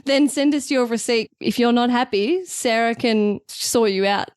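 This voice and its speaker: A woman's voice: fairly high pitch, unhurried, darkish tone, clear, resonant tone, no echo, studio quality. Giggly, teasing woman podcast co-host. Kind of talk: casual podcast chat.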